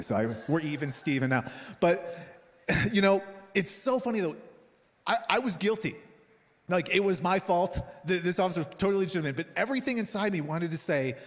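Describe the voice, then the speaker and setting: A male pastor in his thirties delivers a sermon with a somewhat high voice. He tells stories in an animated, self-deprecating way. His voice rings out with a long reverb, as in a church auditorium. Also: a little fast. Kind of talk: sermon with personal story.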